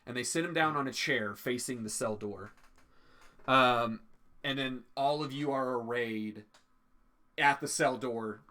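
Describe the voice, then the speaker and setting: A man narrating a tabletop game as game master, in a relaxed way with many fillers. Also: mid-range voice.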